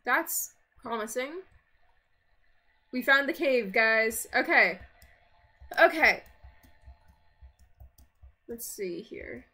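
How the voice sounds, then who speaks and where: High bright-voiced woman gamer. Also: animated, very slow, pauses often. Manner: chatty self-talk, easily startled, grumbling. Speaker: gaming video creator. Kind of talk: let's-play commentary.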